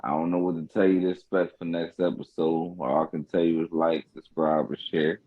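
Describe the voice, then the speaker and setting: Man, very low voice, laid-back casual podcast talk, dull lo-fi sound. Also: level tone, fairly quick. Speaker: podcast co-host. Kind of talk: casual chat.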